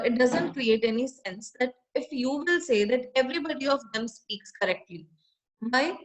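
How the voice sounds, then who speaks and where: A woman's voice: a little high, poor audio. Indian woman explaining a literature text. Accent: Indian English. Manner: reads a passage aloud, then restates it with rhetorical questions. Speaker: literature teacher. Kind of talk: explanatory lecture.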